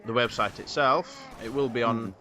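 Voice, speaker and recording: A man's voice: mid-range voice, normal speed, pushed and bright, slight background noise. A man hosting a casual podcast, rambling with many fillers. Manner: rambling, filler-heavy planning talk. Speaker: podcast host.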